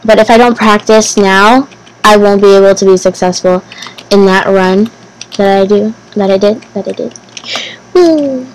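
A woman giving casual gameplay commentary as host of her channel, talking to herself nervously, repeating phrases and bursting into excited exclamations. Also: medium pitch, moderate pace, poor audio. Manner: nervous, anxious self-talk, repeating phrases.

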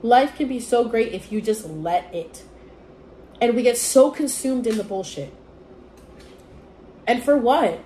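A young woman talks to her phone camera in an easy, rambling way, swearing freely and slipping into quick voiced quotes. Her voice sits a little high. A faint hiss runs behind her indoors. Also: animated, warm tone. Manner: chatty and profane, with lots of "like" and playful voiced quotes. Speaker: vlogger. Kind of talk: casual storytelling to camera. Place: indoors near a window.

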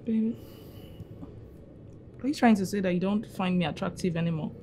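A woman's voice: medium pitch, fairly quick, dark tone, a little hiss or hum, lightly acted. An actress playing a young girlfriend who whines and demands attention and money. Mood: whiny. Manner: whiny, demanding.

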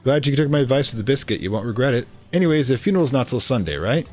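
A man's voice: medium pitch, lively intonation, rapid-fire, soft background music, voice pushed up, close to an everyday voice. A man voicing a chatty, teasing young woman who is a friendly local and a fan of cryptids.

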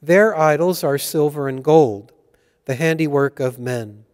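A man leading Mass and reading scripture aloud as a priest, in a measured liturgical way. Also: a little high, darkish tone. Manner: slow, measured liturgical delivery. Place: church. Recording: church hall reverb.

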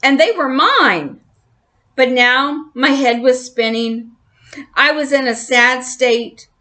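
A woman reading a children's chapter book aloud in an expressive storyteller's manner. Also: high voice. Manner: slow, expressive.

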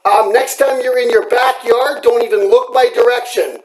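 A furious man with a very high, strained voice rants at his camera from home at night. He swears constantly and makes threats, and his voice cracks with agitation. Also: fairly even intonation, normal speed, poor audio. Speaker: vlogger. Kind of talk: angry rant to camera.

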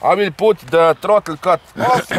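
A channel host and RC pilot with a high, gravelly, breathy voice shows off a model plane in a grassy field. He speaks slowly but animatedly in this casual demo, explaining each step and tacking "eh?" onto sentences.

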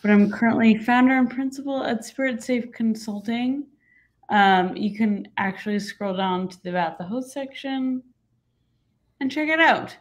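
A woman co-hosting a podcast, introducing herself in an upbeat, brisk way. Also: a little high. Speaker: co-host, consultant.

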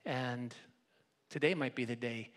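This man's sermon, delivered as pastor in a church sanctuary, comes in a medium-pitched, somewhat bright voice at a measured pace. He keeps a conversational tone and often restarts, repeating his words.

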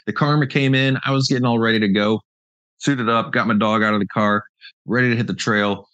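Male host, casual chat, rambling stories, lowish voice, dry close sound. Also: fairly even intonation, fairly quick, fairly bright tone, dry recording, highs cut off. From British Columbia, Canada. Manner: laid-back rambling storyteller, laughs often. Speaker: show host.

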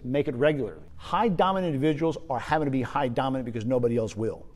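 A man giving a spoken leadership lesson, energetic and emphatic, often repeating his key points. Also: medium pitch, fast talker. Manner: energetic, emphatic, uses repetition. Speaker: leadership trainer.

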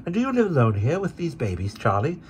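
A man voicing a kindly, thoughtful guardian who speaks in a gentle, measured way. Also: fairly high pitch, huge pitch swings, a little hiss or hum, pitched above the performer's own voice.

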